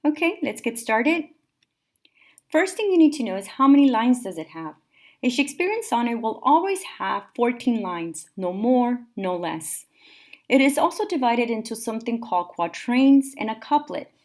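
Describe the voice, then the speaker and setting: Woman teacher, slightly high voice, steady methodical lecture delivery. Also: moderate pace. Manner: clear, methodical, steady explaining. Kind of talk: recorded classroom lecture notes.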